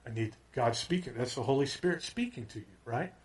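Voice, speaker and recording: A man's voice: mid-range voice, lively intonation, brisk, breathy edge. A man preaching a conversational sermon, often checking in with his listeners with "okay?" and "right?". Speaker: pastor.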